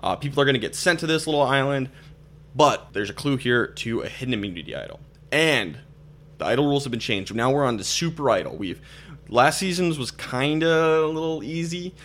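A man's voice: mid-range voice, sing-song, fairly quick, a bit bright. Young midwestern guy hosting a podcast, rambly, lots of ums. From Minnesota. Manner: chatty, rambling, many fillers and restarts. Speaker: podcast host. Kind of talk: casual podcast chat.

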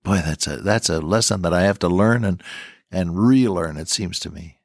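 A man's voice: low voice, normal speed, gravelly, a little mellow, no room sound, studio quality. An older man teaching the Bible on the radio, folksy and earnest, repeating his key lines. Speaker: radio preacher.

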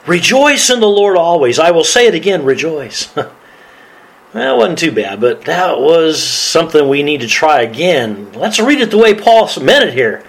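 Pastor guy preaching, voice swings all over, kinda high, laughs a lot. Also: normal speed, poor audio. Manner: animated preaching, reads scripture aloud, laughs often. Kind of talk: sermon.

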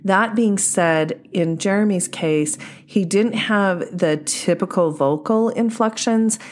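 A woman dating coach speaking a podcast monologue in a steady, explanatory and measured way. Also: mid-range voice.

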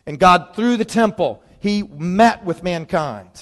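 A man preaching a sermon in a lively, conversational way, leaning on dramatic pauses. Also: high voice. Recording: long reverb of a large hall.

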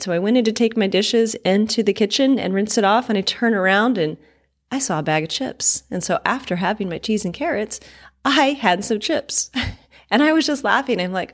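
A woman's voice: low voice, normal speed. A woman fitness trainer hosting her own podcast, telling her story candidly and chattily, laughing often with frequent ums.

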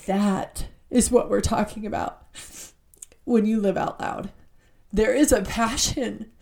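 A woman's voice: mid-range voice, steady tone, vocal fry, a little mellow. Earnest woman giving a devotional talk. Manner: earnest, heartfelt, emotional; reads scripture aloud slowly. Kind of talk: devotional talk with scripture reading.

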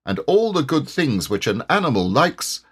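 Husky, expressive storybook narrator, man. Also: medium pitch, normal speed. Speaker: audiobook reader.

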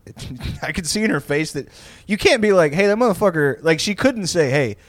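A man's voice: high voice, expressive, a little fast, no echo. A young man co-hosting a podcast, telling rambling, profane stories in casual chat. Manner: profane, rambling storytelling with frequent laughs. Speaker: podcast co-host.

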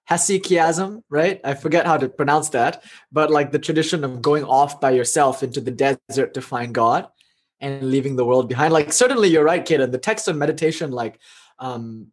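A male meditation teacher giving a casual spiritual talk and answering questions. He tells stories in an animated way and laughs often. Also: on the high side, slightly rough.

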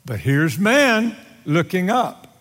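A man preaching a sermon to his congregation, with a dramatic, drawn-out delivery and wry humor aimed at his listeners. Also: sing-song, fairly bright tone. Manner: dramatic, drawn-out delivery with bold swings in pitch and volume. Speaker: pastor. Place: church sanctuary. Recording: long hall reverb from a large sanctuary.

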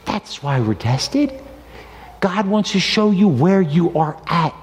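Animated older man preaching in a hall. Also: high voice, takes it slowly. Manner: animated storytelling, voices the characters. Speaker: pastor. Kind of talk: sermon. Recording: reverberant hall.

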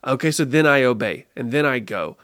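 A man being interviewed on a podcast, telling a personal story in an earnest, lively way and often restarting his phrases. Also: mid-range voice, brisk, no echo, studio quality. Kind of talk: casual conversational storytelling.

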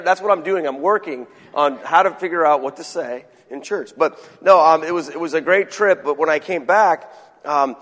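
A man, a pastor, giving a chatty sermon with joking asides and halting restarts. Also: on the high side, fairly bright tone. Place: church sanctuary. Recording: long hall reverb.

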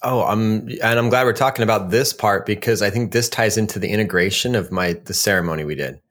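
A man's voice: lowish voice, fairly quick, a bit bright. A young adult man co-hosting a podcast, easygoing and chatty, who laughs often and calls his friend "man" and "dude". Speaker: podcast co-host. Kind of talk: casual chat.

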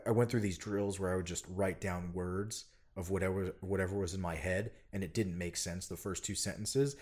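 Deep-voiced man telling a story earnestly. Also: husky. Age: adult parent. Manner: earnest, animated storytelling, bursts loud when quoting. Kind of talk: casual chat.

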